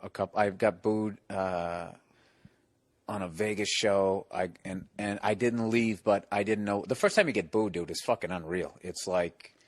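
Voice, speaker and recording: A man's voice: fairly low pitch, unhurried, no room sound. A man, a stand-up comedian, telling profane stories in casual talk-show chat and acting out the people he quotes. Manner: profane, animated storyteller who acts out quotes.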